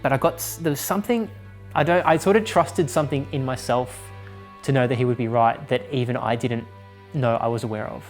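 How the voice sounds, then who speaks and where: A man's voice: medium pitch, brisk, faint music behind. A man who directed the film, looking back candidly on casting in a documentary interview. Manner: reflective, candid recollection.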